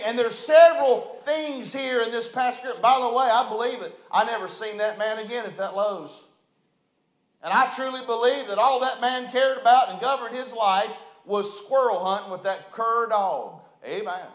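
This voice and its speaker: A man's voice: very high voice, lively intonation, moderate pace. A middle-aged man with a West Virginian accent preaching a folksy, conversational storytelling sermon in a church sanctuary. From West Virginia, USA. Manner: folksy, conversational, repeats phrases. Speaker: pastor. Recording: roomy church echo.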